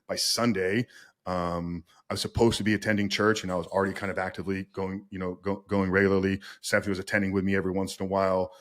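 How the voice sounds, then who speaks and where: A man's voice: on the low side, a bit bright. A middle-aged man, a recovery coach, giving a casual, emphatic personal testimony with fillers like "man" and "bro".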